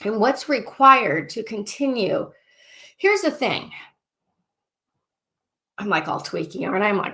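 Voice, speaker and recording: A woman life coach leading a casual group session, excitable and talking in loops, often repeating phrases and clearing statements. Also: fairly high pitch, normal speed.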